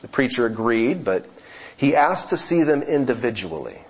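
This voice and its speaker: A man's voice: medium pitch, big pitch swings, normal speed, husky. A man preaching a sermon, telling a joke as a story before turning to scripture, with occasional self-corrections. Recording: dull, lo-fi recording.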